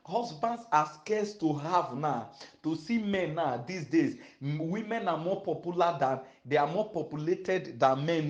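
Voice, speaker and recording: A man, an evangelist giving sermon-style counsel, emphatic and repetitive, rising to loud peaks. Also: on the high side, expressive, unhurried, echoey room, highs cut off.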